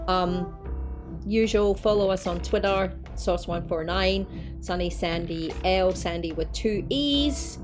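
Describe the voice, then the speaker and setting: A woman's voice: lowish voice, over music. A woman hosting a podcast, talking in dry, wry casual chat. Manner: dry, wry, quick to agree. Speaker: podcast host.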